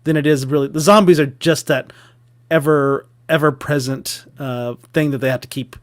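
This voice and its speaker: A man's voice: a little high, normal speed. A middle-aged man co-hosting a live web show, laughing often and chatting casually. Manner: laughs a lot, lively and chatty. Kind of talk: casual live-stream chat.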